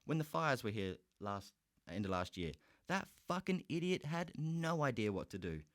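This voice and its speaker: A man's voice: medium pitch, very animated, moderate pace, dry recording, studio quality. An Australian man hosting a podcast, giving a heated, profane solo rant. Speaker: podcast host.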